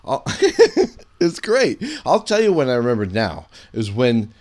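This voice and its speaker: A man co-hosting a casual wrestling recap chat, animated and excitable when retelling big moments. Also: medium pitch, slow pace. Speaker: podcast co-host.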